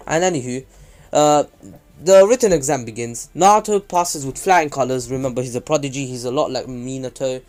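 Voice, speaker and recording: A man's voice: mid-range voice, brisk, a little mellow. Guy rambling thru an anime fan story, lots of um and anywho, joking around. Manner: rambling, many fillers and restarts, jokey asides. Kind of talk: casual fan-fiction retelling.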